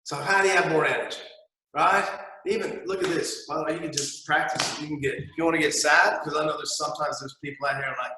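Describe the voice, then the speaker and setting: Bright-voiced man, echoey room. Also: on the high side, fairly even intonation, brisk, distant mic. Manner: emphatic, repeats "right?" often, acts out imagined listeners. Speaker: motivational speaker. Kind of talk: energetic motivational talk. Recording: echoey room, speaker away from mic.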